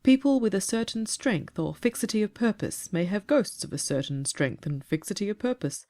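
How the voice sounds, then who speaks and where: A woman voicing a calm, earnest grown man who tells of catching a ghost, in a storybook reading. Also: mid-range voice, natural voice. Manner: measured, earnest, slightly aggrieved.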